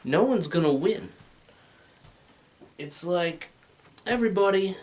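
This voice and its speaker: Animated, rambling stand-up comic man. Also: fairly high pitch. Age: 30s. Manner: rambling, crude, acts out voices with big swings. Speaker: stand-up comedian. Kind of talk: stand-up comedy set. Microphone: handheld microphone.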